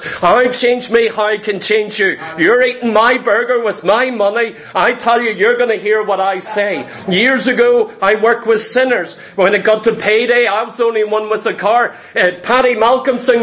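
High-voiced, emphatic male preacher. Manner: forceful, emphatic preaching with repeated phrases. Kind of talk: sermon.

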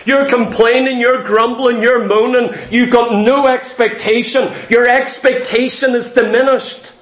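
A man's voice: very high voice, steady tone, unhurried, fairly bright tone. A man preaching a sermon, emphatic and repetitive, acting out the complaints of doubters in quoted asides. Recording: echoey room.

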